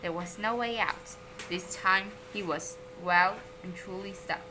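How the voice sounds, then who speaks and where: A woman whose first language is Vietnamese, reading a children's story aloud in an expressive storytelling manner. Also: mid-range voice, measured pace, background noise.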